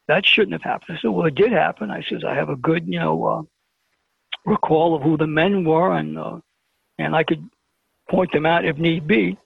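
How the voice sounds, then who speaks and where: A man tells his story over the phone to a radio host, acting out each exchange as he goes. His voice sits high for a man and carries a strong gravelly rasp. The tinny, dry phone line cuts it down. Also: no echo. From Brooklyn, New York. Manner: animated storyteller who acts out the dialogue. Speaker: guest telling a personal story. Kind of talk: storytelling on a call-in radio show.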